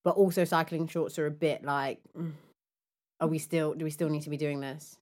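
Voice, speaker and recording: A woman's voice: low voice, fairly even intonation, normal speed, darkish tone. A woman co-hosting a casual fashion chat, playful and laughing often. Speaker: podcast co-host.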